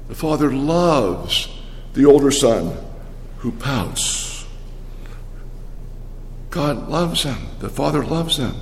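An older man preaching a sermon, telling the story with animated energy and frequent restarts. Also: medium pitch, takes it slowly, pauses often, long reverb tail, a little hiss or hum.

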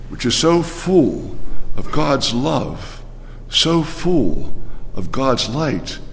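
Animated older male preacher in a hall. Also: mid-range voice, creaky, slight background noise. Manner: animated storytelling with frequent restarts. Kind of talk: sermon.

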